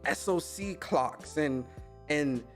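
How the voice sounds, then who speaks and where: A man hosting a gaming show, telling a story in a casual, animated rant full of swearing and mocking impressions. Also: fairly high pitch, takes it slowly, faint music behind. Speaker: gaming podcast host.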